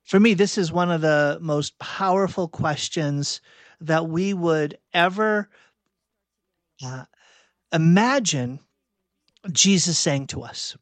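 A man preaching a sermon, reflective and halting, often restarting and correcting himself mid-sentence. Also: on the high side, dry recording.

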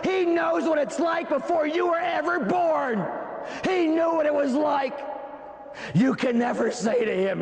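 A male preacher delivers a fervent sermon in a high voice, often rising to a shout. He speaks slowly with dramatic pauses, and his voice has a gravelly edge. Long reverb trails every phrase. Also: lively intonation. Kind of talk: impassioned sermon.

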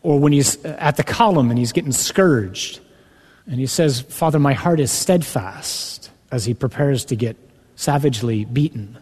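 A man's voice: medium pitch, normal speed, darkish tone, husky. Preaching man in a reverberant hall. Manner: earnest, builds to emphatic rising passages when quoting scripture. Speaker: priest. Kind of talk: sermon.

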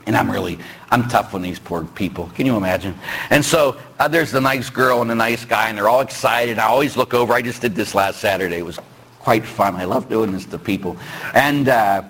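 A male Catholic priest giving a sermon in a conversational, joking way, with rhetorical questions and sudden shouted bursts. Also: lowish voice, brisk, slightly rough. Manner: bursts into shouting when acting out stories.

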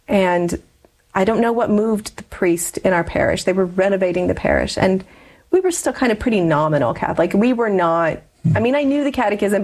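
Earnest middle-aged woman telling her story. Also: medium pitch. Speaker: interview guest. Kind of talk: personal testimony in conversation.

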